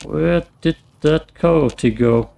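A man casually commenting on his own gameplay, muttering to himself and swearing often, his voice getting hoarse. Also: a little high, very slow, dark tone. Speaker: let's play gamer.

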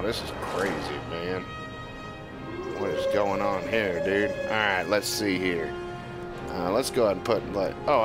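A man streaming a video game, rambling and joking in casual commentary and talking back to the characters on screen. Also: lowish voice. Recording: game music playing under the voice.

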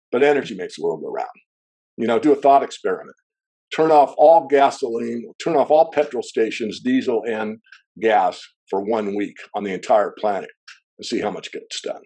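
A man as an interview guest, a metals analyst, explaining at length in a discursive way with frequent throat clearing. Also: medium pitch, mellow. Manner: discursive, wanders into asides.

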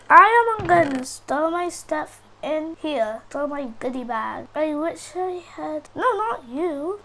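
A woman's voice: sits high, pushed and bright. A woman giving casual gameplay commentary, chattering to herself, easily startled and repeating phrases over and over. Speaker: gaming channel host.

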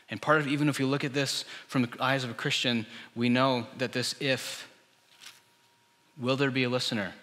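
Bright-voiced man preaching in a reverberant church. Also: mid-range voice. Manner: animated storytelling, acting out quoted voices. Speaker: pastor. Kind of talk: sermon. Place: church hall.

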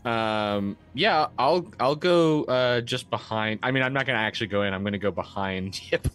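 A man's voice: mid-range voice, normal speed, fairly bright tone, smooth, faint music behind. A man playing a tabletop game, hesitant and giggly, with many ums. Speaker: player.

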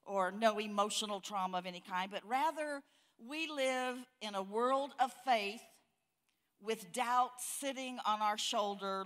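A woman's voice: medium pitch, a bit bright. An older woman preaching a sermon at a church conference, folksy and storytelling, building to fiery emphasis. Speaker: conference speaker.

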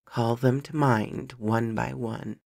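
Woman reading as a young male magician, remorseful, soft, gravelly, slow. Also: extremely low pitch, fairly even intonation, no echo, voice pushed down, full character voice. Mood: urgent. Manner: soft, apologetic, emotional. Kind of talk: storybook reading of a fantasy romance.

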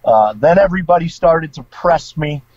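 A man's voice: a little high, lively intonation, normal speed, darkish tone. A middle-aged man, a former priest, telling his personal story in a casual interview, informal and emotional. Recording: dull lo-fi sound.

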